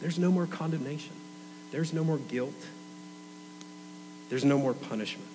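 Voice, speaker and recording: A man's voice: a little high, a little slow, in a large hall, noisy background. A young adult man preaching a sermon in a conversational, earnest way.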